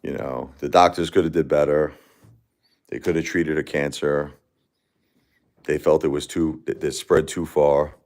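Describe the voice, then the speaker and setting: A grief-stricken man in his forties hosts a casual livestream and answers comments as they come in. His voice sits extremely low. His speech is halting and repetitive, full of restarts and fillers. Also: flat delivery, darkish tone. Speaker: livestream host.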